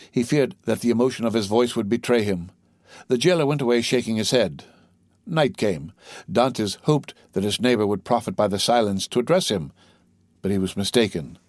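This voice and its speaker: A man narrating a classic novel as an audiobook with a steady, even reading. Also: mid-range voice, no echo, clean studio sound.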